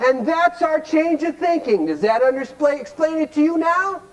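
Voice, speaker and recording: The rough recording captures an extremely high-pitched, expressive male voice at moderate pace. He's from Cleveland, Ohio, giving a plainspoken, folksy recovery workshop and repeatedly putting rhetorical questions to his audience.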